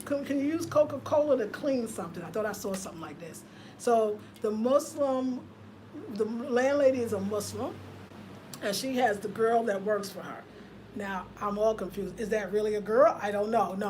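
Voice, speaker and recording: Expressive woman chatting on a livestream. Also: fairly high pitch, slight background noise. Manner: expressive, swings between loud laughter and hushed murmurs. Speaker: vlogger. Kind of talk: casual livestream chat with viewers.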